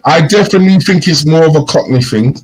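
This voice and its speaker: A man co-hosts a casual podcast, his voice slightly husky and pitched a little high. He talks in a lively storytelling way, slipping into quoted slang as he goes. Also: quick pace, faint music behind, rough recording. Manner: animated storyteller, mimics slang phrases in quotes. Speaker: podcast co-host. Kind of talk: casual chat.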